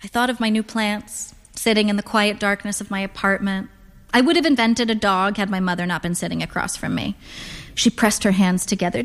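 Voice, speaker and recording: A woman reading literary fiction aloud in a measured, wry, unhurried way. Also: medium pitch, steady tone. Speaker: narrator. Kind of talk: scripted literary narration. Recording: long hall reverb.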